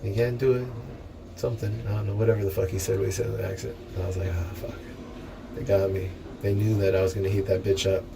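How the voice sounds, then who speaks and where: Young man, low voice, casual profane commentary, digressive, noisy recording. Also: level tone, quick pace, gravelly. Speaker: vlogger reading and commenting on a book. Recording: noisy background ambience.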